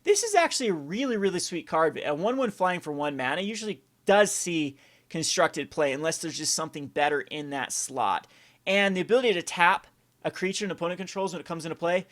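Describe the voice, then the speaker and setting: A man's voice: on the high side, animated, fairly quick, fairly bright tone. A man hosting a card game review, talking casually and enthusiastically with rambling restarts. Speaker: card game channel host.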